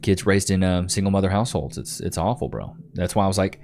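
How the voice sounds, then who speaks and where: Man in his thirties, low voice, slangy livestream host answering chat, faint background noise. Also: fast talker, a little mellow. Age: 30s. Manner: laid-back, slangy, calls viewers bro and dude.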